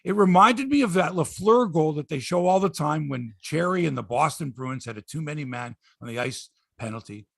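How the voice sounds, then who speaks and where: A middle-aged man hosts a sports chat with excitable, animated storytelling. His voice sits high and swings widely, with a raspy, gravelly edge. The sound is dry and close. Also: normal speed, hardly any pauses, no echo. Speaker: sports podcast host.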